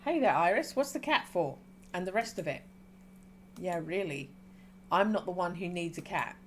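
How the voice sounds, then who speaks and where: A woman streamer reading a game's dialogue aloud and reacting with excited squeals between calmer reading. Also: on the low side, normal speed, a little hiss or hum.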